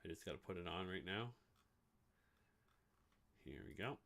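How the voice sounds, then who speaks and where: A man's voice: low-pitched, animated, normal speed, creaky, sharp tone. Rambling, chatty male streamer. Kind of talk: casual live-stream chat while building a website. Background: music playing.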